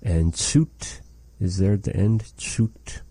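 A man teaching a language lesson, slowly and patiently repeating words for a learner. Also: on the low side, mellow, husky, no room sound, rough recording.

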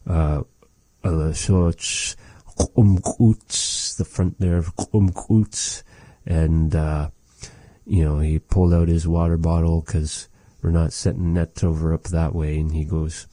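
A man teaching vocabulary in a language lesson, explaining words slowly and patiently and repeating each one after the recorded speakers. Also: low-pitched, dark tone, no echo.

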